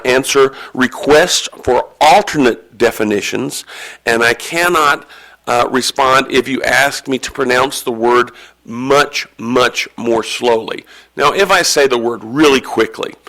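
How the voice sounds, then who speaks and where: A man's voice: medium pitch, vocal fry, sharp tone. Friendly male spelling bee pronouncer. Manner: friendly, joking, reassuring. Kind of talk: explaining rules to an audience. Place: school event hall.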